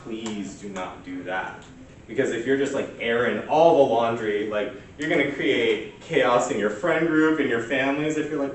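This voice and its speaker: A man presenting a church workshop, talking casually and animatedly with quoted asides. He sits at a mid pitch, picked up by a distant mic. The room echoes heavily. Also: a little hiss or hum.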